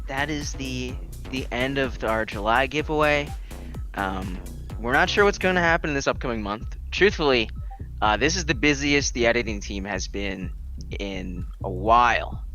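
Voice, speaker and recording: A man co-hosting a gaming stream in casual banter, laughing often. His bright, edgy voice is very lively in pitch, and faint music sits in the background. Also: moderate pace. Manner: animated, laughs a lot. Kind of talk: casual live-stream chat.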